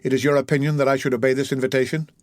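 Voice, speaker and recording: Brief: man doing timid young daughter, raised pleading tone, mid pitch, dry read. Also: level tone, racing, dry recording, natural voice. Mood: hesitant. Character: anxious young woman, innocent, hesitant daughter.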